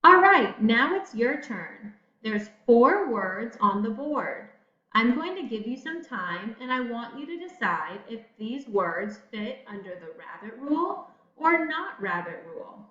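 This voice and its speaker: Slow, encouraging woman teacher. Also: on the high side, sing-song, sharp tone. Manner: slow, encouraging teacher talk to young students. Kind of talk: recorded classroom lesson. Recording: echoey room, dull lo-fi audio.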